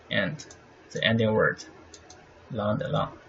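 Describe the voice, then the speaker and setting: A man teaching the meter of Chinese poetry, halting with many fillers and checking "right?" often. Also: fairly low pitch, fairly even intonation, vocal fry. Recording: slightly dull sound with faint noise.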